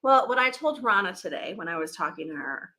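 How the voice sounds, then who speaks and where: A woman's voice: fairly low pitch, big pitch swings, brisk, bright, forceful tone. A middle-aged woman hosting a podcast, chatting casually in a rambling, laughing way. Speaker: podcast host. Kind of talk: casual live chat.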